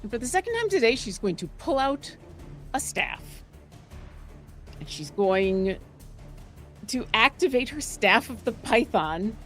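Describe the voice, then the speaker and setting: A woman's voice: a little high, very animated, unhurried, long pauses, a bit bright, soft background music. A woman playing a tabletop game, describing her character's actions in a rambling way with restarts. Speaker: player.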